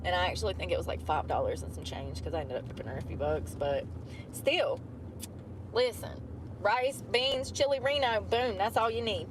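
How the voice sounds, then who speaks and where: A woman's voice: medium pitch, moderate pace. A woman, ranting in a chatty, profane, rambling way, filmed as she drives. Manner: profane, chatty, drawling asides. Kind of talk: rambling casual rant. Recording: clip with traffic and outdoor noise.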